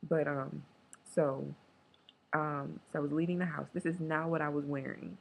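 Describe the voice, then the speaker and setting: A woman talking candidly in a casual video diary, emotional and joking, sometimes breaking into a squeaky high chant. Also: flat delivery, moderate pace, creaky, poor audio. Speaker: vlogger.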